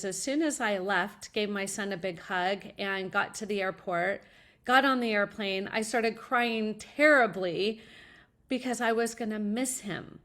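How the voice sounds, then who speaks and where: A woman's voice: on the high side, a bit bright. A middle-aged woman, a college advisor, answering an interview question with earnest, upbeat personal stories.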